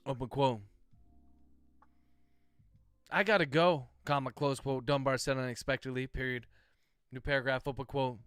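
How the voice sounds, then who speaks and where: A man's voice: mid-range voice, flat delivery, brisk, clean tone, dry recording, clean studio sound, soft background music. A man who writes novels, dictating his book aloud with the punctuation spoken and chatting casually with livestream viewers, swearing freely. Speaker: author and livestream host.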